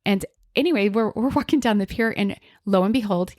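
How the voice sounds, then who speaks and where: A woman's voice: mid-range voice, a little fast, no room sound, clean studio sound. A middle-aged woman hosting a podcast, telling a story expressively and acting out the quotes. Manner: expressive, acts out quotes, frequent fillers. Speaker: podcast host, medium. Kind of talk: storytelling in casual chat.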